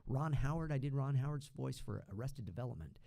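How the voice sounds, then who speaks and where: A man's voice: mid-range voice, expressive, a little fast, gravelly, warm tone. A man, a voice actor guest on a podcast, chatting casually and slipping into impressions.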